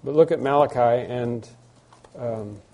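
A man's voice: mid-range voice, measured pace, mellow. A man preaching an expository sermon, reading scripture aloud and explaining it with earnest emphasis and frequent restarts. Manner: hesitant restarts and asides. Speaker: pastor.

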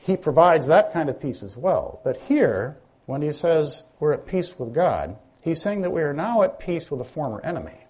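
A man's voice: on the high side, big pitch swings, normal speed, hardly any pauses, a little mellow, breathy edge. A man preaching a sermon in a conversational teaching manner, often asking his listeners questions.

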